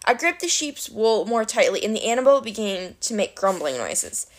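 A woman reading a novel aloud in storybook narration, with an animated, wry delivery. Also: medium pitch, normal speed. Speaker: reader of a novel.

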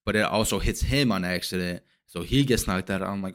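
A man hosting a podcast, recapping a movie in a casual, rambling way, swearing often and acting out characters' lines in quick asides. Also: low-pitched, fairly bright tone. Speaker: podcast host.

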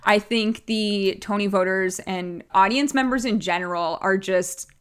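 A woman's voice: medium pitch, clean tone. Chatty young woman co-hosting. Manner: chatty, quick, animated with fillers. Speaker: podcast co-host. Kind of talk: casual chat about theater awards.

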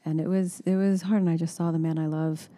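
A woman's voice: sits low, little pitch movement, a little fast, mellow. A woman speaking earnestly and supportively in a candid personal conversation, with frequent restarts. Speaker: co-host.

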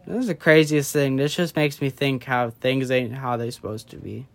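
A man's voice: mid-range voice, fairly even intonation, moderate pace. A drunk young man in casual late-night chat, rambling loosely and drifting off track.

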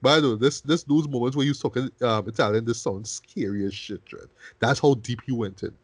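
A man hosting a casual film review podcast, talking in an animated way and cursing freely. He keeps checking in with "right?" and stumbles over repeated words as he thinks. His voice sits in a middle range and sounds dry and close, with no room echo. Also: mid-range voice, brisk, breathy edge.

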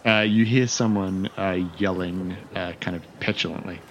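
A man's voice: sits low, steady tone, normal speed, muffled recording, a little hiss or hum. A young man running a tabletop game as game master, describing scenes in a rambling way with many fillers.

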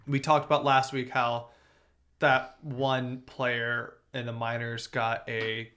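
A man's voice: medium pitch, flat delivery, takes it slowly, sharp tone. A man co-hosting a podcast, chatting casually about baseball, rambling and swearing freely. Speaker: podcast co-host. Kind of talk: casual sports chat.

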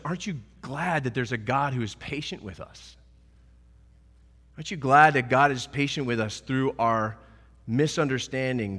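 A man preaching a sermon as pastor, earnest and animated, acting out the quotes in his story. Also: medium pitch, big-room sound.

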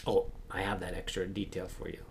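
A man preaching a sermon as pastor, acting out Bible voices and swinging between loud emphasis and hushed asides. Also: sits low, flat delivery, fairly quick, slight background noise.

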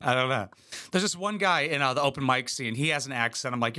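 A man's voice: mid-range voice, lively intonation, quick pace, pushed and bright. A man doing crude, sarcastic reaction commentary as a comedy channel host, swearing and mocking freely. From United States. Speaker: commentary YouTuber.

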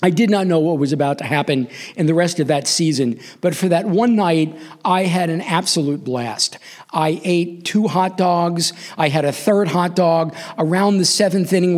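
A man in his sixties from New York, hosting a live storytelling show and acting out the voices in his own story. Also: high-pitched. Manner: animated, acts out quoted voices.

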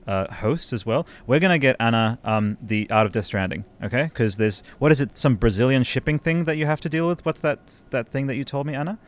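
A man hosting a podcast in casual chat, effusive and quick to burst into excited exclamations. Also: mid-range voice. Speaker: podcast host.

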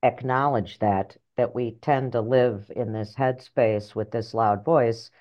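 A middle-aged woman author and life coach telling her story in an interview, animated and blunt, acting out voices in her head. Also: a bass voice, slow pace, lo-fi sound. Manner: animated, acts out inner voices, earthy phrasing.

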